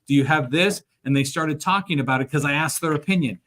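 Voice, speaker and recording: A man hosting a live show who coaches car sales, animated and acting out the dialogue he quotes. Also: fairly high pitch, fast. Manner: animated, acts out quoted dialogue, laughs often. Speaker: sales trainer and show host.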